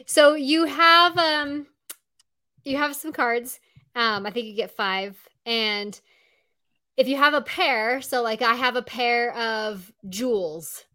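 A woman's voice: a little high, slow, bright, forceful tone. A woman hosting a live show on a video call, chatting casually and filling her talk with "like" and "um". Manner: chatty, full of "like" and "um". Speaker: podcast host.

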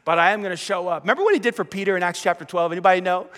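Animated, bright-voiced preacher in a big hall. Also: male voice, high voice, fast, pauses often. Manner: animated, conversational, quizzing the crowd. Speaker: pastor. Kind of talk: sermon. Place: large auditorium. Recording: long reverb of a large hall.

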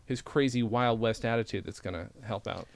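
A man's voice: lowish voice, brisk, no echo. A man co-hosting a podcast in casual chat, playful and laughing often. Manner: playful, laughs often, slips into silly impression voices. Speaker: podcast co-host.

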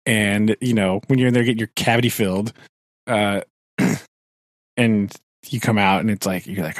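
A man's voice: fairly low pitch, normal speed, no echo, clean studio sound. A man co-hosting a podcast, rambling casually with frequent "right?" tags and chuckles. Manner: rambling, tag questions, chuckling. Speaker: podcast co-host.

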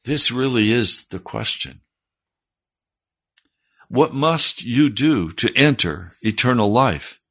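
A man preaches with a breathy, husky voice, reading scripture and then explaining it. His delivery is earnest and often climbs into fervent emphasis. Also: mid-range voice, expressive, slow pace, long pauses, fairly bright tone. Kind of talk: sermon.

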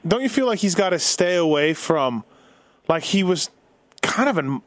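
A man leading a relaxed sports conversation, quick to tease and joke with his co-hosts. His voice sits a little high, and the recording is dry with no room sound around it. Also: no echo. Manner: joking, teasing. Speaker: podcast host. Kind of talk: casual sports chat.

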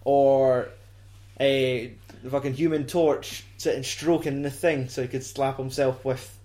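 A man's voice: medium pitch, fairly even intonation, measured pace, mellow. A young man with a Scottish accent chatting casually, mocking films with dry humour and frequent swearing. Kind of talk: casual chat.

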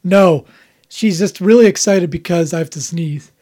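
A man's voice: sits high, normal speed, dark tone. Rambling, opinionated male podcast host. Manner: rambling, opinionated, self-interrupting. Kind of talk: casual chat.

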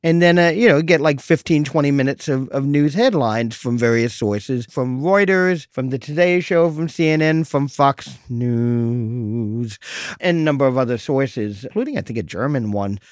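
A middle-aged man hosting a solo podcast, telling a story in a wry, deadpan way with mock exasperation. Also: medium pitch, moderate pace, dry recording, studio quality. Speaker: podcast host.

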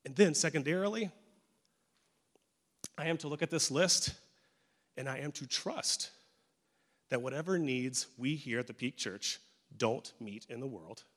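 A man's voice: medium pitch, unhurried, long pauses. A male pastor preaching a sermon in a church, conversational and joking with emphatic turns. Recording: echoey church hall.

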